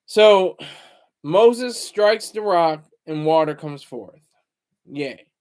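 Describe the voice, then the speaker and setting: A man's voice: on the high side, expressive, extremely slow, darkish tone, clean tone. A man hosting his own channel, talking in a loose, rambling monologue full of fillers and restarts. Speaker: channel host.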